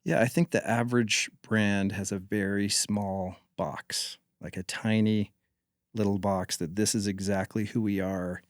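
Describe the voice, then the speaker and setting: A man's voice: fairly low pitch, fairly even intonation, measured pace, dry recording. A man from North Carolina, a podcast guest who talks about marketing in a thoughtful, opinionated way and says he mumbles. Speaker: guest, former marketing executive. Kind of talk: casual podcast conversation.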